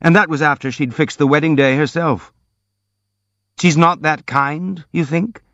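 A man's voice: on the high side, fairly even intonation, measured pace, fairly bright tone, no echo, pitched above the performer's own voice. A man reading the part of a brooding, jealous young man in an audiobook, in an intense, bitter, confiding way, recorded dry and slightly dull.

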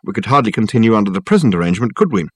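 A man voicing a brisk, sweetly ruthless older aristocratic mother who stays coolly in control. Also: lowish voice, very animated, husky, dry recording.

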